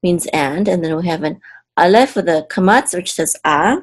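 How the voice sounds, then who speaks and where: A woman teaching a lesson, slowly sounding out syllables and words, casual, with fillers and self-corrections. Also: on the low side. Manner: slow deliberate sounding-out of syllables. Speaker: Hebrew teacher. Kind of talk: patient step-by-step lesson.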